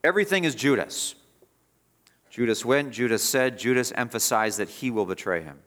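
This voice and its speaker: A man's voice: mid-range voice, lively intonation, normal speed, a bit bright. A man preaching an expository sermon as pastor, emphatic and repeating phrases for stress.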